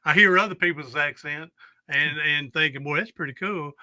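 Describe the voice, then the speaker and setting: A man's voice: a little high, normal speed, bright, forceful tone, dry recording, studio quality. A man with a Southern US accent hosting a podcast in casual interview chat, drawling and chatty. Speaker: podcast host.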